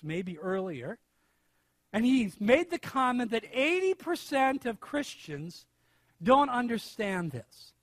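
A middle-aged male preacher with a high voice delivers a sermon. He drops to hushed asides, then stretches key words out loud for emphasis. The sound is close and dry. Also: dry recording.

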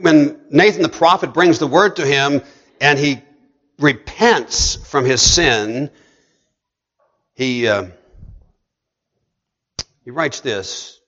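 A man preaching a sermon, swinging between hushed storytelling and emphatic, rising delivery. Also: on the high side, lo-fi sound.

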